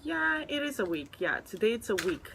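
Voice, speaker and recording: A woman's voice: mid-range voice, sing-song, normal speed, vocal fry, noisy background. A woman vlogging as she unboxes an album, gushing and gasping with delight. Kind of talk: excited unboxing vlog.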